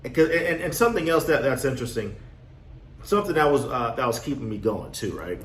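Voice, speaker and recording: Give me a man giving a casual real estate mindset talk, mid-pitched, animated, in an echoey room with faint noise. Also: fairly quick. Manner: animated storyteller, acts out his younger self. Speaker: real estate wholesaling coach.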